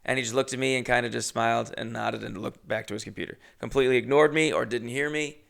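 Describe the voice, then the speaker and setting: A young man hosting a podcast, telling a comedic story in a rambling, profane, animated way. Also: mid-range voice, fast, gravelly. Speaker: podcast host.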